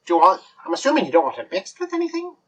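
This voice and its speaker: A man's voice: high-pitched, huge pitch swings, racing, fairly bright tone, pitched above the performer's own voice, exaggerated voice. A man voicing a tiny, eager male fairy bartender who fawns over the orders. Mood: fawning.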